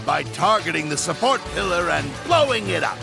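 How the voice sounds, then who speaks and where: A man's voice: sits high, big pitch swings, normal speed, gravelly, full character voice. An actor playing a sleazy, lecherous male crime boss in a video game, drawling and leering. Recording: game audio clip with music. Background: game music.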